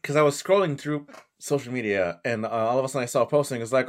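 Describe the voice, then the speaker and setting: Young dude with hiccups, average voice, easygoing anime talk, lots of uhs. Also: male voice, medium pitch, quick pace. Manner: easygoing, hesitant, many fillers. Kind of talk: casual chat about anime.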